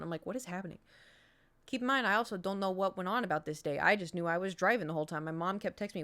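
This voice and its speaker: A woman's voice: mid-range voice, quick pace. A young woman streamer casually telling a story, acting out the people she quotes. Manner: animated, acts out quoted voices.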